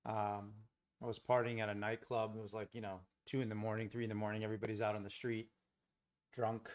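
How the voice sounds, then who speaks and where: Laid-back man hosting a trading stream. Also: fairly low pitch. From Los Angeles. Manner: relaxed, rambling, chuckles often. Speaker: day trading livestream host. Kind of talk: casual live commentary, chatting with viewers. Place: home trading setup.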